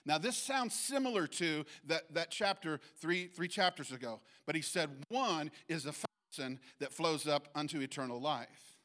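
A man teaches from scripture in a relaxed, conversational sermon. His voice sits a little high for a man. He reads verses slowly and keeps asking the listeners whether they are following along. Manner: bursts into loud acted shouts when quoting. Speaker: pastor.

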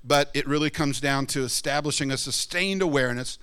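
A man preaching a sermon in a conversational, animated way, often acting out what people say. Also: brisk, clean tone. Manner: conversational, animated, acts out quoted people in high voices. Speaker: pastor.

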